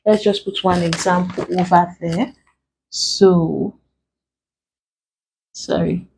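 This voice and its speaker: A woman's voice: lowish voice, steady tone, takes it slowly, vocal fry, a little mellow, a little hiss or hum, rough recording. A woman from Nigeria teaching an exam-prep English lesson, spelling out letters one by one and explaining each step. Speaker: English tutor.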